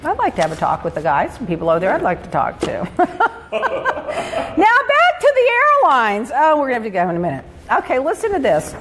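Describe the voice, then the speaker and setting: Lively chatty woman host, roomy sound. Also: fairly low pitch, a little hiss or hum. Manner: chatty, animated storytelling with laughs. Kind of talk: casual gossip chat. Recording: roomy reverb with faint ambience.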